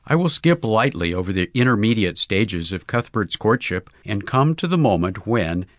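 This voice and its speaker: A man narrating a comic story as an audiobook, in a wry, measured way. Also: on the low side, dry recording, studio quality.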